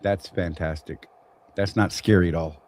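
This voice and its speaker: A man's voice: deep voice, fairly even intonation, normal speed, background noise. Joking Southern man hosting a live chat. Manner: joking, rambling, teasing. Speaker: show host. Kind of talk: casual live-stream chat.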